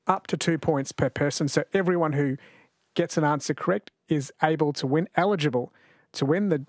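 A man's voice: fairly high pitch, dry recording. An Australian man hosting a radio quiz show, chatty and jokey, speaking into a studio mic. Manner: chatty and jokey, laughs often. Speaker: radio host. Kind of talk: casual radio chat and quiz.

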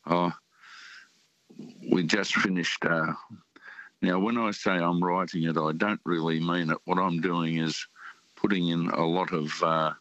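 Older Australian male caller, very deep voice, halting delivery, muffled phone line. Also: little pitch movement, a bit bright, no echo. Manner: halting, many fillers. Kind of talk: casual radio call-in chat.

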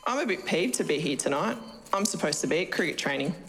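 A woman's voice: low voice, animated, quick pace, fairly bright tone, slight background noise. Woman reading as a chatty Australian nurse. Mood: breezy. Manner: breezy, chatty. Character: friendly, chatty woman nurse on night shift. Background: background music.

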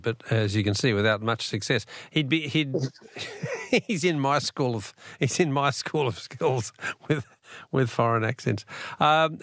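A man hosting a talkback radio quiz, chatty and quick to laugh as he reads out messages. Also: medium pitch, creaky, fairly bright tone, dry recording, clean studio sound.

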